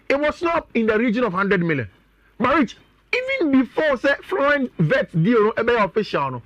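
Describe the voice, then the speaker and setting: A man's voice: very high-pitched, sharp tone, dry recording. A man with a Ghanaian accent, talking as a sports pundit on a radio show, chatty and often addressing his co-host.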